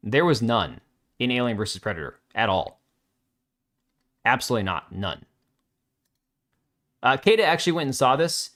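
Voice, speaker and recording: A very animated man hosts a loose livestream, reading viewer comments aloud and answering with blunt, sarcastic asides in an offhand, unscripted style. His medium-pitched voice is a bit bright, and he keeps a moderate pace while pausing often.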